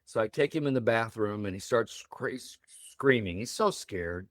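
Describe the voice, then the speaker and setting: A man's voice: fairly low pitch, unhurried, dry recording, studio quality. Older man telling a heartfelt story. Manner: emotional, animated storytelling with voiced quotes. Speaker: guest. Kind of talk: personal storytelling in an interview.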